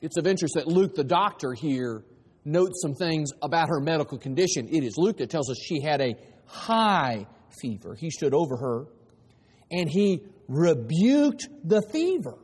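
A man's voice: a little high, sing-song, normal speed, a little mellow, slightly rough, in a large hall. A man preaching a sermon with an emphatic delivery, sometimes acting out voices of the people he describes. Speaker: pastor.

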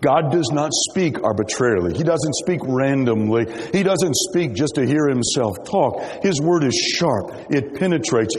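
A man's voice: a little high, a little mellow, a little hiss or hum. A man preaching a sermon, emphatic and rhetorical, quoting scripture and asking the congregation questions. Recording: long hall reverb.

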